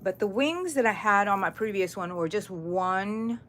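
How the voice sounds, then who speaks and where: A middle-aged woman hosting a live crochet stream, chatting with viewers and counting her stitches aloud softly. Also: medium pitch, normal speed, slight background noise. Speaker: crochet channel host.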